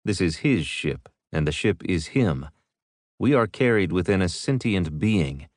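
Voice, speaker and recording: Audiobook: blunt male major, commanding, low and close, read by a narrator. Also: expressive, measured pace, dry recording. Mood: firm. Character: blunt male military major, team leader.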